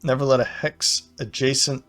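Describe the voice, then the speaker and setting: A man of ordinary pitch thinking aloud as he plays a strategy game, unhurried and a little hesitant, often stopping on "uh" and restarting phrases. Soft game music hums in the background. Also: little pitch movement. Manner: hesitant, fills pauses with "uh". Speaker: game commentator. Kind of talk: thinking-aloud gameplay commentary.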